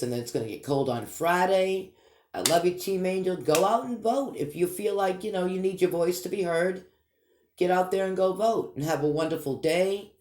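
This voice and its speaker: With a high-pitched, slightly mellow voice, this Boston-accented vlog host from Massachusetts chats casually and rambles cheerfully at his viewers. The recording picks up an echoey room.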